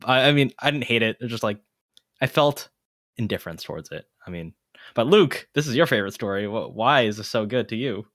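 A man co-hosting a casual book discussion podcast, low-key and laid-back in his delivery. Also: expressive, brisk, fairly bright tone, no room sound, clean studio sound. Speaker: podcast co-host.

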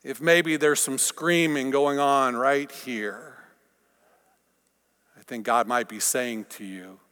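A pastor preaching a sermon, swinging from forceful lines down to hushed whispers. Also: male voice, mid-range voice, a little slow. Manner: dramatic swings from loud to whispered. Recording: long reverb of a large hall.

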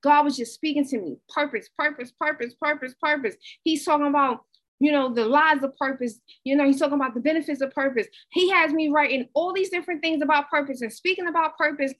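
A woman giving a conversational, animated inspirational talk, repeating herself for emphasis. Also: high voice, quick pace, rough recording. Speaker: motivational speaker.

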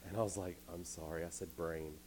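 Low-voiced, chatty man preaching. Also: steady tone, brisk, background noise. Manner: chatty, self-deprecating storyteller. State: a little tired. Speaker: youth camp speaker. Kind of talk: casual sermon with stories. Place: indoor camp meeting hall.

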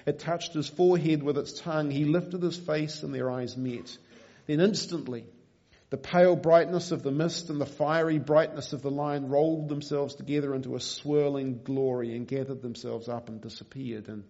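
A man preaching a sermon, reading a story aloud in a measured, quiet way. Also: a little high, fairly even intonation. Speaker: pastor. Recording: dull lo-fi recording.

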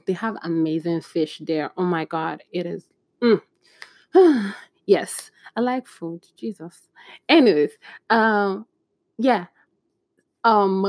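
A young woman in casual storytime chat, chatty and animated, acting out bits of dialogue with exclamations. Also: medium pitch, no room sound, studio quality. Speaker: vlogger.

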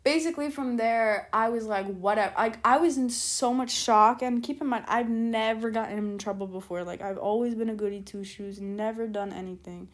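A woman's voice: a little high, moderate pace, hardly any pauses. A woman telling a storytime vlog in a casual, rambling way, full of "like" and "keep in mind" asides, stopping to backtrack when she loses her thread. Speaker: storytime vlogger.

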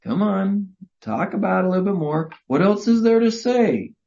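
A man's voice: high voice, expressive, moderate pace, vocal fry, dark tone, pitched above the performer's own voice. A man playing a defensive husband who keeps insisting, his strained voice climbing as he pushes back. It comes through a dull, lo-fi recording. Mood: frustrated. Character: frustrated husband, adult man, defensive and flustered. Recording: muffled lo-fi recording.

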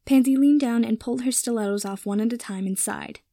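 A woman narrating a story in a measured, even reading style. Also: on the high side, dry recording, studio quality.

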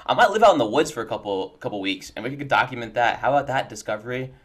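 Young man, podcast co-host, crude joking banter, casual chat, mid-pitched voice. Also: expressive, fast.

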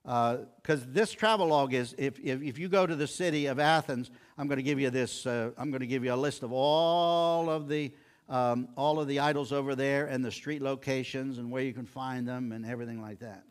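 A man's voice: mid-range voice, normal speed. An older man preaching a sermon, telling scripture stories and acting out the quoted lines. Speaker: pastor.

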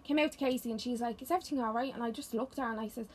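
A woman's voice: a little high, darkish tone, a little hiss or hum. A woman with a Dublin accent, co-hosting a casual chat and telling stories bluntly and with plenty of swearing. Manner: blunt, swears freely, tells stories fast. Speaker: podcast co-host.

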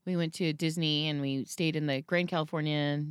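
A woman's voice: deep voice, normal speed, smooth, dry recording, studio quality. A woman in her thirties chatting casually as a podcast co-host, telling stories and acting out the lines she quotes. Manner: animated storyteller, acts out quotes. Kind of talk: casual chat.

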